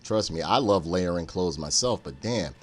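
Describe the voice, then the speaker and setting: A man streaming a game, joking and cursing in an animated, storytelling way. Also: sits low, normal speed. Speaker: gaming streamer. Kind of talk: casual let's-play commentary.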